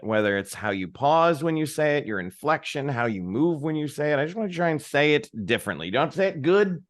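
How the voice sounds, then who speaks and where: A man's voice: mid-range voice, a bit bright. A man facilitating an interactive virtual workshop over a video call, upbeat and encouraging, often checking in with the group. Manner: upbeat, encouraging, peppered with "right?".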